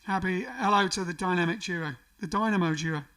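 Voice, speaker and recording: A man's voice: high voice, brisk, bright, forceful tone, distant mic. Chatty man, a bit off-mic. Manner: chatty, jokey, rambling. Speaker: livestream host reading viewer comments. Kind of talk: casual chat. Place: home during lockdown.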